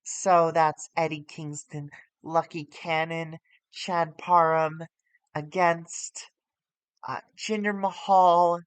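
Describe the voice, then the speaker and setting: Slow, rambling game streamer. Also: medium pitch, level tone, smooth, no room sound. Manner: rambling, with restarts and self-corrections. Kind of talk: casual commentary while playing a wrestling management game.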